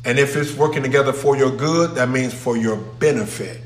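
A man's voice: medium pitch, moderate pace, a little hiss or hum. Emphatic male preacher in an echoey church. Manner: emphatic, calls out to the congregation. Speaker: pastor. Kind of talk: sermon. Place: church sanctuary with a congregation. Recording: echoey room.

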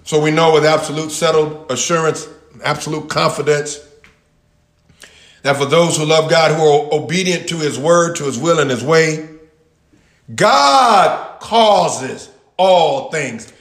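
A man teaching a Bible passage in sermon style, repeating key words with long pauses and talking back and forth with his listeners. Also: on the high side, steady tone, echoey room. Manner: talks with the audience, answers their replies. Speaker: pastor teaching a Bible study.

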